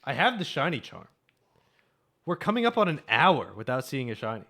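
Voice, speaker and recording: A man's voice: medium pitch, sing-song, moderate pace, sharp tone. A young man streaming a game, chatting and joking casually with his viewers, swearing freely. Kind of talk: casual live-stream chat.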